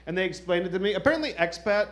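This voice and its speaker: A man's voice: sits high, animated, very fast. A man performing a stand-up comedy set, telling loose, profane stories.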